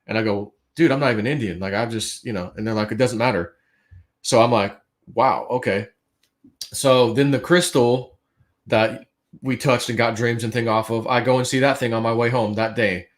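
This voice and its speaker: A man on a livestream telling a story casually, acting out his own quotes and swinging between hushed and loud. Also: medium pitch, fairly even intonation, moderate pace. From United States.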